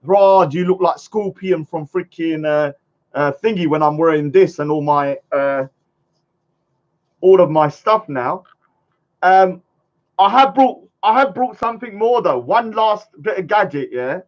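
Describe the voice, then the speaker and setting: A man's voice: high-pitched, measured pace. A man, vlogging casually to a live chat, rambling and mocking his critics. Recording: dull lo-fi sound.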